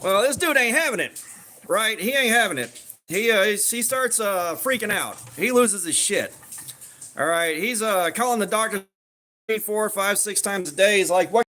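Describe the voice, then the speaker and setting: A man's voice: high-pitched, expressive, normal speed, bright, forceful tone. A man casually telling a crude joke with slang and fillers while crafting at home. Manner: loose, profane storytelling with slang and fillers. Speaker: crafting streamer.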